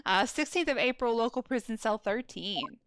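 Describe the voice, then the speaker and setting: A woman's voice: a little high, lively intonation, normal speed, fairly bright tone, smooth, no room sound. A young woman casually commenting on a game she is playing, rambling with lots of fillers. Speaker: let's play host. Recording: game music behind.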